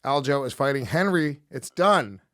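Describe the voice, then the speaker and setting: A man's voice: medium pitch, animated, moderate pace, fairly bright tone, slight background noise. Profane rambling male podcast host. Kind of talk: casual chat.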